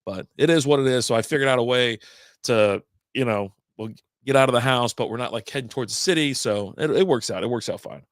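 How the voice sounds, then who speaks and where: A man's voice: medium pitch, brisk, no room sound, clean studio sound. Laid-back man rambling on a live beer stream. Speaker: beer podcast host. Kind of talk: casual live-stream chat.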